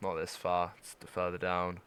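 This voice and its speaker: A man's voice: deep voice, completely flat delivery, normal speed, a bit bright, smooth. A young man in his twenties chatting casually on a gaming stream, rambling, swearing and laughing as he talks.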